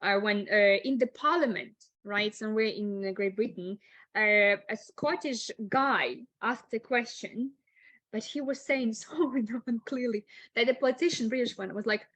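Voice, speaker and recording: A woman's voice: on the high side, moderate pace, a bit bright, no room sound. A woman English teacher giving a chatty online webinar lecture, often laughing and saying "like".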